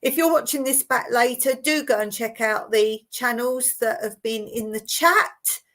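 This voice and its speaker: A woman's voice: on the high side, measured pace, fairly bright tone. A woman from Surrey with a southern English accent, chatting casually to viewers as host of a live stream, often repeating words and laughing. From Surrey, England. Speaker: livestream host.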